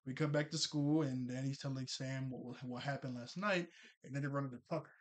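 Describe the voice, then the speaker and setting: A young man casually recapping a cartoon episode, chatty and quick to laugh, full of fillers and restarts. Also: medium pitch, fairly even intonation.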